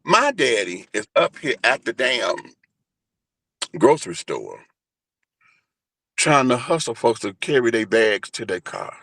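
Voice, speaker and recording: A man in his forties telling a personal story in an animated, flamboyant, profane way during a casual interview. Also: mid-range voice, unhurried, creaky, pauses often, dry recording. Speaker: guest, entertainer and radio host.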